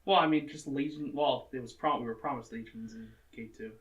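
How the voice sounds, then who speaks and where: A man co-hosting a casual movie review show, with quick, jokey reactions. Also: mid-range voice, fairly bright tone, dull audio. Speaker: podcast co-host.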